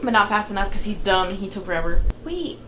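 A young adult woman co-hosting a casual movie-watching podcast, excitable and quick to exclaim, swearing freely. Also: medium pitch. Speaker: podcast co-host. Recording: echoey room, faint noise.

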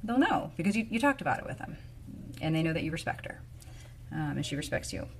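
Low-voiced, matter-of-fact woman co-host. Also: very animated, fast talker, creaky, a little hiss or hum. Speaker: co-host, mother. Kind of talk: casual advice chat.

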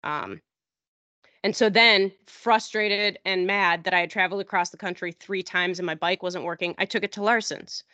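A woman on a podcast telling a long story in casual chat, rambling and acting out what people said in a higher voice. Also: moderate pace, bright, forceful tone, no echo. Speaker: podcast host. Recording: dull, dry lo-fi audio.

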